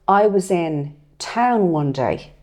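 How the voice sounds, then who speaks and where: A woman's voice: on the low side, slow pace. A woman, co-hosting a podcast and telling stories in casual chat with frequent restarts. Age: 50s. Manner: animated storytelling with restarts. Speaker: podcast co-host.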